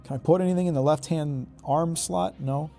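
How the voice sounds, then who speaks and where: A man's voice: a little high, moderate pace, gravelly, dark tone, faint music behind. A man streaming a game, rambling, joking and swearing as he thinks aloud. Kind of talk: casual live-stream gaming commentary.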